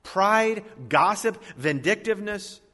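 A man preaching a sermon as pastor, emphatic, with sudden drops and surges in loudness. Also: sits high, animated, takes it slowly, long reverb tail, slight background noise.

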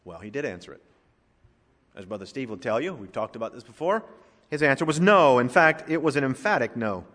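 A man preaching a sermon as pastor, moving from soft asides to loud, emphatic lines. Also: medium pitch, animated, fairly quick, in a large hall.

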